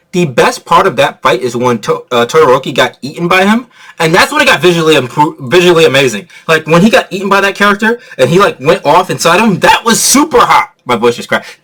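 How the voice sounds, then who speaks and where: A man giving a casual, excitable movie review rant, laughing often and swearing freely. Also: fairly high pitch.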